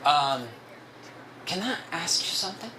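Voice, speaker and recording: A man voicing a quiet, creepy male restaurant busser who talks in halting, broken English. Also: on the high side, animated, slight background noise, rough recording. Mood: hushed.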